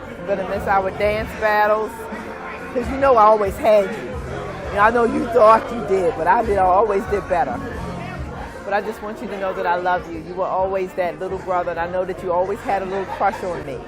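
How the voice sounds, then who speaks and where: A woman's voice: medium pitch, fairly quick. Tender woman near tears. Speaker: friend giving a tribute. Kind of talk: tearful spoken farewell. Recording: music and crowd chatter behind.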